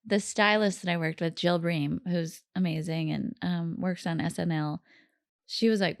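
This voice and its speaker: A woman's voice: fairly low pitch, fairly even intonation, moderate pace, gravelly, no echo, clean studio sound. A woman chatting casually as a podcast guest, laughing often and full of fillers. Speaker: guest musician. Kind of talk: casual chat. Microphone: studio mic.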